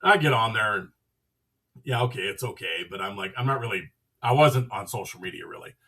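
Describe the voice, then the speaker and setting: A man's voice: fairly low pitch, animated, fairly quick, pushed and bright, breathy edge, far from the mic. A man hosting a podcast, telling a casual, rambling story and acting out the dialogue with "I'm like" and "he goes.". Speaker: podcast host.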